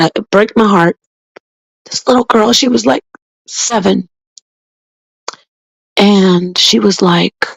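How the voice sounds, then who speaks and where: A woman's voice: mid-range voice, dry recording, poor audio. A woman vlogger giving a blunt, heated and emphatic ranting monologue to her channel.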